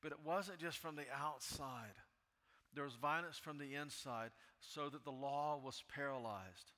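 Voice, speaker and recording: A man preaching a sermon, dropping low and quiet, then rising into loud, impassioned pleading as he reads scripture. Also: a little slow, long reverb tail. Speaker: pastor.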